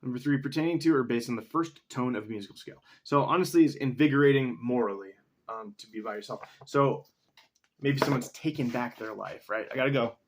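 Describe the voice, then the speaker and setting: A man's voice: medium pitch, fairly quick, slight background noise. A man talking casually to himself in a solo vlog, rambling as he reads definitions aloud and swears now and then. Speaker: vlogger.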